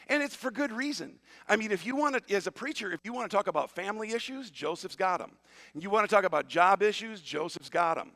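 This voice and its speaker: A man preaching a sermon as pastor, retelling a story in a lively, conversational way with asides to the congregation. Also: high-pitched, fast, long reverb tail. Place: church auditorium.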